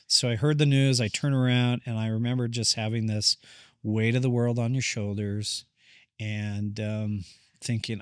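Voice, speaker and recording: Reflective male therapist guest, candid storyteller, mid-pitched voice, dry room. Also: little pitch movement, moderate pace, clear, resonant tone, no room sound. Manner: reflective, candid, relives moments in quoted speech. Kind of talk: personal storytelling interview.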